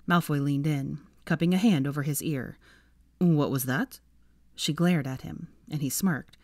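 A woman narrating a fan fiction story in an expressive, measured reading. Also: sits low, no room sound, clean studio sound. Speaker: fanfiction reader.

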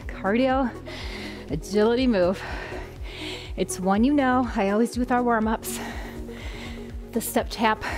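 Breathless upbeat woman fitness instructor. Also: medium pitch. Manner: upbeat coaching cues. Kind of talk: guiding a workout. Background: background music.

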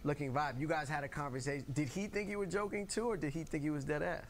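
A man with a New York accent interviewing a guest in an easygoing way, laughing along and asking quick questions. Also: fairly high pitch, a little hiss or hum. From Queens, New York. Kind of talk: casual interview chat.

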